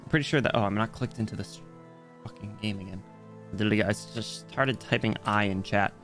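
A man's voice: on the low side, fairly quick, fairly bright tone, soft background music. A young man streaming a video game, rambling and joking with his chat while he plays. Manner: rambling, jokey, talks to chat while playing. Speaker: VTuber streamer. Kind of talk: casual gaming livestream chat.

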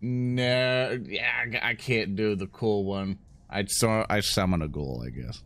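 A man's voice: fairly low pitch, measured pace, creaky, a bit bright, no room sound. A man playing in a tabletop game, chatting casually and joking with frequent laughs. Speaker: player.

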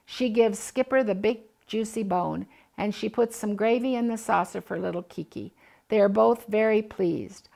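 An older woman reading a children's picture book aloud, gently voicing the animals and family. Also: medium pitch, a little slow, creaky. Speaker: storybook reader.

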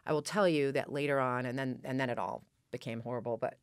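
A woman in her forties recounts a story at a quick clip, lively and theatrical, slipping into the voices of the people she quotes. Her voice is dry and close, with no room sound around it. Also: extremely low pitch, clean tone, no echo. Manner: animated, acts out quoted dialogue. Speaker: guest, actress. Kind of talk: casual interview storytelling.

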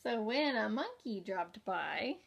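A young woman teacher reading a picture book aloud to young children, gentle and expressive, often pausing to ask questions. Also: a little high, creaky, lo-fi sound, slight background noise. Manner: gentle, slow and expressive, asking the listener questions.

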